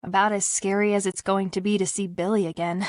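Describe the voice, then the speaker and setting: A woman's voice: mid-range voice, little pitch movement, brisk, dry recording, clean studio sound, close to an everyday voice. A woman voicing a shy, wry young woman. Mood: lively.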